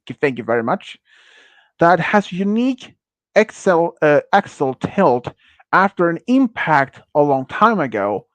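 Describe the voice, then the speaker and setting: A man's voice: a little high, very animated, a little slow, a bit bright, dry recording. A man hosting a casual quiz on a stream, reading out questions and answers with many fillers, restarts and awkward phrasing. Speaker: quiz host.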